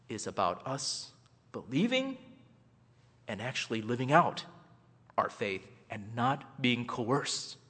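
A man's voice: mid-range voice, a bit bright. Impassioned male speaker in a hall. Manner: emphatic, rising and falling for effect. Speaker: guest speaker at a church event. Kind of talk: impassioned public speech. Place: large hall. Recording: reverberant hall.

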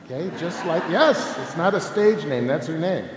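A man's voice: a little high, normal speed, a crowd in the background. Middle-aged guy giving a funny talk, voice jumps all over, keeps saying okay, big echoey hall w/ long reverb. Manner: animated, humorous, keeps adding "okay?". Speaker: speaker at a Catholic family ministry conference. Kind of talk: conference talk with stories.

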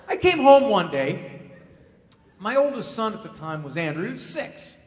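Middle-aged man, comedic parenting talk, lively up-and-down voice, long hall reverb. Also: high voice, normal speed. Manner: animated, acts out family members. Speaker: speaker on parenting. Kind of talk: comedic talk to a live audience. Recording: echoey hall.

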